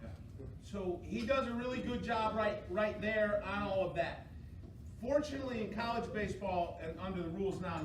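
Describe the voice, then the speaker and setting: High-voiced man in an echoey room. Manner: conversational, asks the room questions. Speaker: umpire trainer presenting to umpires. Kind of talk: casual training talk. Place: meeting room. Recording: echoey room from far off, noisy.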